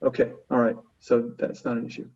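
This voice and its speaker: A man answering webinar questions as a panelist, halting, with frequent fillers and restarts. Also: mid-range voice, monotone, a little mellow, husky. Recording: distant, muffled remote audio.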